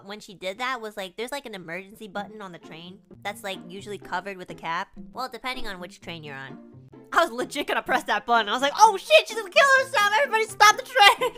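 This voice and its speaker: A young woman streamer telling a story in casual chat, lively and full of "like" fillers. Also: a little high. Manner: animated, with many "like" fillers and laughs. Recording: background music.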